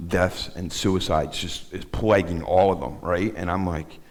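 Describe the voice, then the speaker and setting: A middle-aged man giving a personal testimony as a guest speaker in a synagogue, rambling and halting with many restarts. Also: sits low, fairly even intonation, darkish tone. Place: synagogue sanctuary. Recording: long hall reverb.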